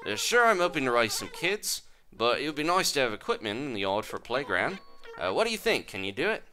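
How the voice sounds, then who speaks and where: Guy doing a posh kangaroo lady w a shaky aussie accent, high and lively, music under it. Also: very fast. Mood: musing. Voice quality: put-on Australian accent. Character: fancy kangaroo mother, polite and modest.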